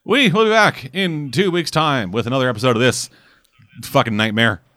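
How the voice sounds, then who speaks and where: A man's voice: medium pitch, normal speed, bright, forceful tone, no echo. A man hosting a casual podcast, talking in a rambling, sarcastic way and swearing often. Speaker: podcast host.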